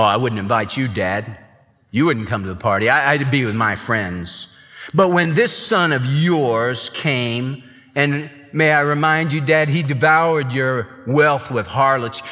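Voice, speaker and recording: A man's voice: medium pitch, sharp tone, pitched below the performer's own voice. A man preaching plays a resentful older brother, complaining with sneering indignation. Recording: long reverb, church hall.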